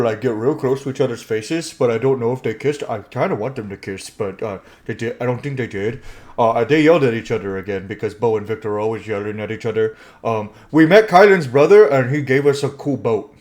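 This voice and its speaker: A man voicing an excitable, naive male companion who rambles loudly and quickly. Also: mid-range voice, natural voice.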